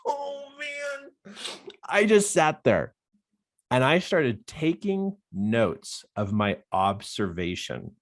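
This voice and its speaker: Man, life coach, lively pitch swings, laughs a lot, acts out dialogue. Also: slow. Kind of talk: animated personal storytelling.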